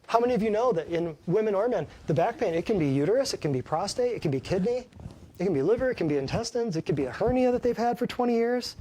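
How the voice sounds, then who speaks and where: A man gives a live health talk as a chiropractor, folksy and emphatic. His voice sits a bit high for a man, and he keeps throwing questions at the small audience. A faint hiss of noise runs under the recording. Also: expressive, fast talker, dark tone.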